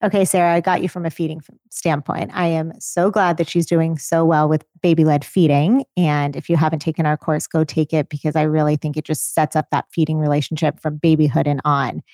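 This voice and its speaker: A woman's voice: low-pitched, little pitch movement, fairly quick, hardly any pauses, dark tone, no echo. A woman co-hosting a parenting podcast, giving direct, practical, reassuring feeding advice on a close mic. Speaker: podcast co-host, feeding expert.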